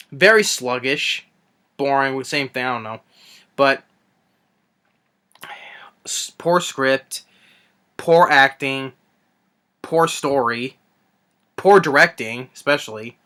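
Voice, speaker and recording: Rambling young man ranting, bright voice. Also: a little high. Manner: rambling, many restarts and fillers. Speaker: movie reviewer. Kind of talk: unscripted rant review.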